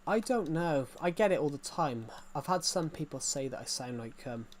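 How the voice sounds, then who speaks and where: With a slightly high, animated voice at a moderate pace, this gaming streamer, a young Englishman with an English accent, chats casually to his live-stream audience. He rambles, restarting often and leaning on fillers, and a little hiss or hum can be heard.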